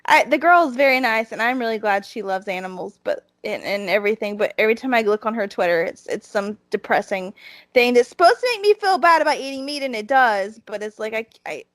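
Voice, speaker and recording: A woman's voice: on the high side, expressive, fairly quick, fairly bright tone, no echo. A woman with a Southern US accent co-hosting a podcast, chatting casually with lots of restarts. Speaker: podcast co-host. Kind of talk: casual chat.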